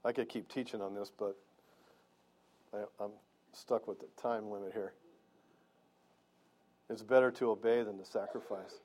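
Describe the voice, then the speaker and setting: A man's voice: fairly low pitch, fairly even intonation, moderate pace, pauses often, a little mellow. A male pastor preaching in church, earnest and conversational, asking the congregation questions as he goes. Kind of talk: sermon.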